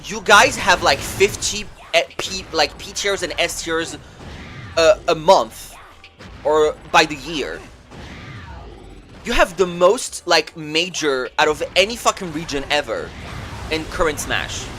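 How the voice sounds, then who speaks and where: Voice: mid-range voice, lively intonation, slow pace, fairly bright tone, slight background noise. A streamer on a livestream, ranting heatedly and with plenty of swearing, rambling through fillers and restarts and mocking others with sarcastic quotes. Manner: heated, profane, indignant ranting. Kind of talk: livestream rant about competitive gaming.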